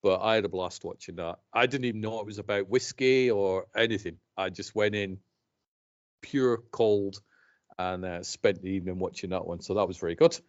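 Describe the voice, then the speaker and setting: A man's voice: sits low, fairly even intonation, moderate pace, lo-fi sound. A man in his fifties from Scotland with an accent mixed between Scottish and English, chatting casually as a podcast co-host and laughing often. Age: 50s. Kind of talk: casual chat.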